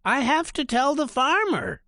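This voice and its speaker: A man doing a shrill, panicky little chick. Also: lively intonation, measured pace, pushed and bright, no echo, studio quality, exaggerated voice. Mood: alarmed. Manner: shrill, exclaiming. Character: frantic little male chick, panicky and alarmed.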